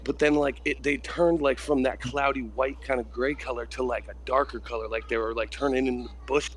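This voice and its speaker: A man's voice: medium pitch, steady tone, brisk. Young guy rambling thru a trip story, says "like" constantly, bit of faint hiss behind. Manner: rambling, heavy use of "like" and swearing. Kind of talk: casual trip story in group voice chat.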